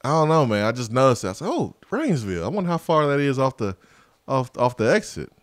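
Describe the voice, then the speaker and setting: A man's voice: medium pitch, very animated, quick pace, no room sound, clean studio sound. A man co-hosting a casual sports talk show, goofy and drawling. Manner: goofy, laughs easily, drawling. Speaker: sports radio co-host.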